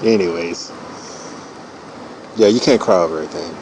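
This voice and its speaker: A man's voice: low-pitched, normal speed, darkish tone, a little hiss or hum, low-quality recording. A man in his forties riffing through a loose, profane comedic monologue while he draws cartoons, full of "you know" fillers. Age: 40s. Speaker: streamer drawing cartoons.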